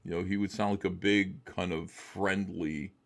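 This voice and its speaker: A man's voice: sits low, steady tone, moderate pace, vocal fry, a bit bright. A man chatting casually as a guest on an interview show, rambling and hesitant with many fillers. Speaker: guest comic artist.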